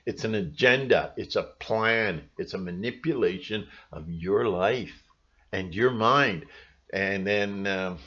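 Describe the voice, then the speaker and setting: A man's voice: fairly low pitch, slow, fairly bright tone. Rambling emphatic man, lo-fi sound. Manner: emphatic, rambling, full of restarts and asides. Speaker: channel host. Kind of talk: monologue to camera.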